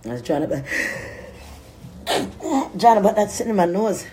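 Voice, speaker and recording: A high-pitched man rants crudely to camera, cracking up so much he laughs himself to tears. His tone is mellow and dark-edged, with faint ambient noise around him. He talks in loose, rambling bursts. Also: lively intonation, normal speed. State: laughing to tears, runny nose. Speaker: vlogger. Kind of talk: profane laughing rant to camera.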